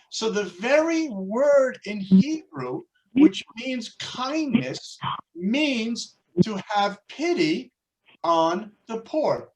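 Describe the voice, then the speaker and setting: A man teaching a religious class, telling stories and explaining words in a deliberate, explanatory way. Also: high voice, low-quality recording. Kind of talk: storytelling religious lesson.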